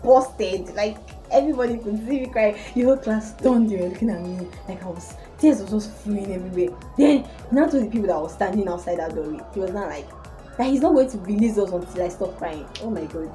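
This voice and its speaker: A woman's voice: mid-range voice, a little fast, soft background music, rough recording. A young woman telling a personal story casually to her viewers. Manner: animated storytelling. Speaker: vlogger.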